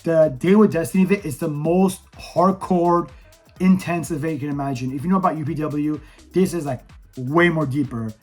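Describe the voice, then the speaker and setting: Hoarse, fired-up young man, slightly high voice. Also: moderate pace, darkish tone, faint music behind. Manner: blunt, profane, fired-up. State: hoarse from yelling. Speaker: vlogger reviewing an event. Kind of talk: casual candid monologue.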